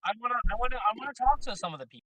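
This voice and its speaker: A man in his twenties co-hosting a live stream, talking in an animated, playfully defensive way. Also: extremely high pitch, very fast, no echo, rough recording. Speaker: co-host. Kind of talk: casual live-stream banter.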